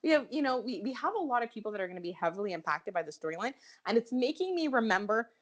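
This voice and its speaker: Woman co-host with a head cold, a bit high-pitched, animated and chatty, laughs a lot. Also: quick pace. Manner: animated, laughs often, talks herself in circles. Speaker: podcast co-host. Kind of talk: casual chat.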